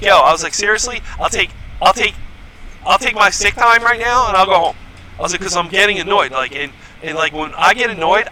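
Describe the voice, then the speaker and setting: A man's voice: a little high, pushed and bright, slight background noise, rough recording. A man hosting a casual podcast, telling stories in a profane, heated rant. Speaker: podcast host. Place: home podcast setup.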